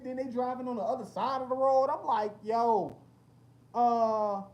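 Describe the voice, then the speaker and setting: A man's voice: very high-pitched, moderate pace. A young man, hosting a casual livestream, telling stories full of slang and cursing and reading chat comments. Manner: animated storytelling with lots of slang and cursing.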